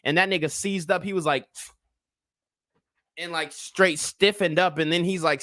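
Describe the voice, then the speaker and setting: A man's voice: a little high, steady tone, moderate pace, pauses often, bright, forceful tone, no echo, studio quality. A man in his twenties giving casual livestream commentary, a blunt and profane rambling storyteller.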